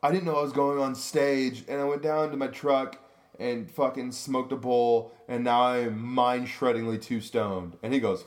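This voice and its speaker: A man's voice: mid-range voice, measured pace. Profane storytelling comedian man. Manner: animated, profane, acts out quotes in his story. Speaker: podcast co-host, comedian. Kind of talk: casual storytelling chat.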